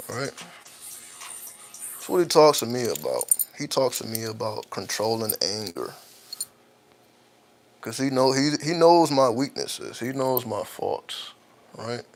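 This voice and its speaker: A podcast host with a mid-range voice, heard on a low-quality recording, hosts a late-night talk show. In a loose, profane monologue he muses openly as a father, repeatedly checking in with "right?".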